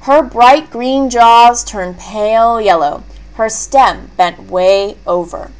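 A woman reading a leveled children's book aloud, clear and expressive. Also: fairly high pitch, slow pace. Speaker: storybook reader.

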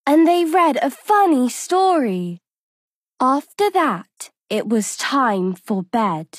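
A woman reads a children's bedtime story in a high voice that swoops up and down expressively. She takes her time, pausing over every phrase. The sound is dry and close to the mic. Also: no room sound. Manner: slow, expressive, sing-song. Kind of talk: scripted bedtime story narration.

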